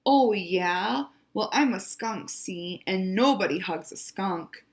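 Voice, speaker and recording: A woman voicing a grumpy, scheming skunk who talks in a sulky, huffy way, drawing out the words slowly. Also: medium pitch, animated.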